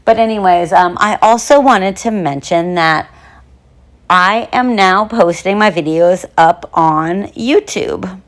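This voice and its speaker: A woman's voice: on the low side, slow. A young woman hosting a true crime podcast who talks in a chatty, bubbly way with lots of fillers. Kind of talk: casual podcast monologue.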